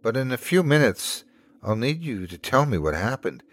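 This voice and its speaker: Man doing a soft, cooing middle-aged woman. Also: mid-range voice, big pitch swings, normal speed. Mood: gentle.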